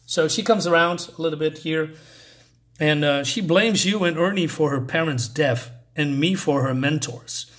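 A man's voice: on the high side, moderate pace, fairly bright tone. A man giving a casual comic book review, reading panels aloud, rambling with many fillers and restarts, enthusiastic about the artwork.

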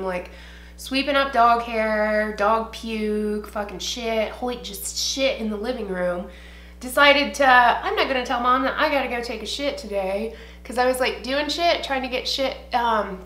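Young woman, bright forceful voice, out of breath, rambling casual chat, lots of swearing, roomy home recording. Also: a little high. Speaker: beauty vlogger. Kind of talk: casual get-ready-with-me chat. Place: home room, indoors. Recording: echoey room.

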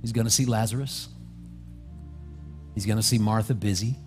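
A man's voice: lowish voice, steady tone, normal speed. A male pastor preaching a sermon in a church, telling the story vividly and acting out its scenes. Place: church sanctuary. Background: soft music.

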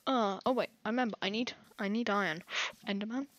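A woman's voice: mid-range voice, fast, a little hiss or hum. An English woman giving rambling, jittery live commentary over her own gameplay, full of panicked exclamations. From England. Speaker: gaming channel host.

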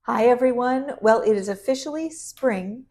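A woman's voice: a little high, normal speed, mellow, faint music behind. A woman from Vermont talking casually and upbeat to the camera as a vlog host. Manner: chatty, upbeat, inviting.

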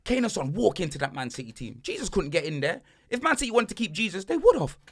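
A man hosting a casual banter podcast, slangy and animated, swinging between loud and soft. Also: sits high, fast talker, breathy edge. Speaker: podcast host.

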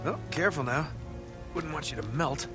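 An actor voicing a gruff older man, an adventurer's sidekick in a video game, who talks in a dry, impatient way. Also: fairly high pitch, moderate pace, lightly acted. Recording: game audio with music behind.

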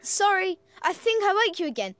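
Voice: very high voice, normal speed, exaggerated voice. A performer voicing a plucky, cheerful young rabbit in a cartoon, telling stories with eager energy. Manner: lively storytelling, eager. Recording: cartoon soundtrack with music.

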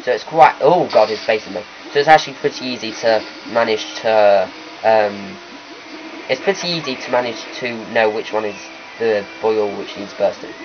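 A man's voice: fairly low pitch, normal speed, background noise. A man hosting a let's play, talking through gameplay in a rambling, chatty way that keeps correcting itself. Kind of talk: gameplay commentary. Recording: lo-fi capture with faint game music.

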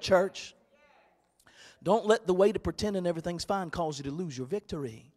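A male pastor preaching a sermon, swinging from loud, shouted exhortation to quiet, hushed storytelling. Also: high voice, expressive, normal speed, in a large hall.

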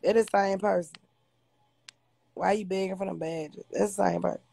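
A woman's voice: mid-range voice, fairly even intonation, normal speed, vocal fry, mellow, husky, no room sound. A woman hosting a casual livestream on her phone, blunt, profane and confrontational as she talks to viewers. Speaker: livestream host.

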